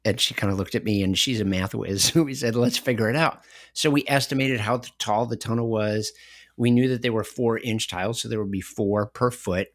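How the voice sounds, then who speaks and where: Low-voiced guy on a podcast, middle-aged, animated storyteller, laughs a lot, dry close sound. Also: fairly quick, no room sound. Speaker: podcast co-host. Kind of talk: conversational podcast discussion.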